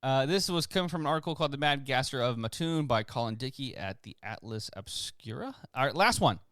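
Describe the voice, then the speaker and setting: A man's voice: mid-range voice, expressive, a little fast, a bit bright, no room sound. A man co-hosting a podcast who reads history articles aloud in casual chat and stumbles over long words. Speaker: podcast co-host.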